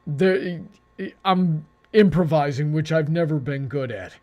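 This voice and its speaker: Male debate host, earnest and halting, with a slightly high voice. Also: lo-fi sound. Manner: earnest, halting, restarts his sentences. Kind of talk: casual debate.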